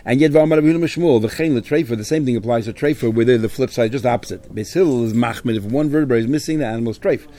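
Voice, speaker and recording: A man at a middle pitch teaches a Talmud lesson. His voice is soft and mellow, never sharp. He explains each point step by step, mixing Aramaic and Hebrew terms into his English. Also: quick pace, few pauses, a little hiss or hum. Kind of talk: Talmud study lecture.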